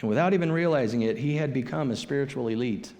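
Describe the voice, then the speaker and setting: A man preaching a sermon as a pastor, telling a story in a conversational, animated way. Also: mid-range voice, fast, big-room sound. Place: church sanctuary.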